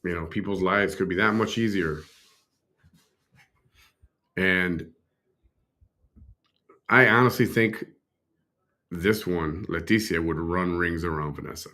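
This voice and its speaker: A man hosting a reaction show, commenting in a relaxed, chatty way with hesitant fillers. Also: sits low, slow pace, long pauses. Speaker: reaction video host. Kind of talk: casual commentary.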